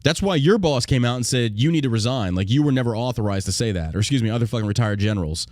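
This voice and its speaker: A man's voice: medium pitch, animated, quick pace, darkish tone, no room sound, clean studio sound. A man hosting a podcast, ranting in a profane, combative and indignant way. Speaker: podcast host.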